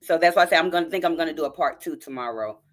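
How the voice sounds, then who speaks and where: A low-voiced woman races through a story she reads on her live stream, choked up and on the verge of tears. She uses a phone mic, refers to her audience as "y'all," and names people in the chat as she greets them.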